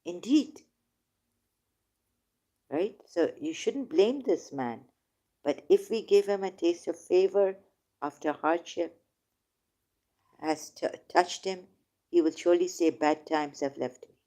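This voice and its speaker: A woman talks slowly and deliberately on a livestream, reading verses and then reacting to them. Her voice sits fairly low and mellow, dropping quiet one moment and rising with emotion the next. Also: animated. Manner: emotional, swings from quiet to emphatic. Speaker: online talk host. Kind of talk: casual livestream talk reading and commenting on scripture.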